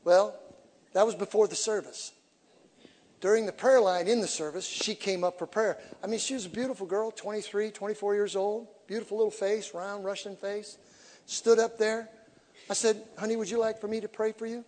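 A man preaching as an evangelist, telling stories with humor and swinging from quiet to shouting. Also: high voice, moderate pace. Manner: animated storytelling with humor, shifts from quiet to shouting. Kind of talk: sermon. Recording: echoey hall reverb.

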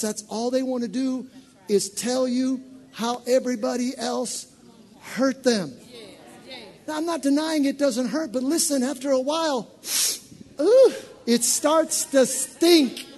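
A man preacher giving an animated, conversational sermon to a congregation in church. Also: extremely high pitch.

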